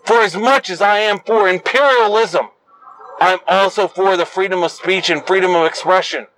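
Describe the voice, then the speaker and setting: A young adult man hosting his own show, delivering an angry, profane solo rant that bursts into yelling at its peaks. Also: sits high, normal speed, low-quality recording. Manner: profane, combative and ranting. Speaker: host.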